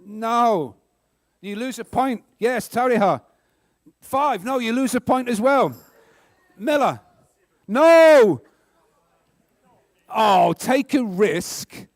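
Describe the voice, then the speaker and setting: Male NZ quiz host, very high pitch, quick joking delivery, dry recording. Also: dry recording. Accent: New Zealand. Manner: brisk, joking, sarcastic asides. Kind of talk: live school quiz hosting.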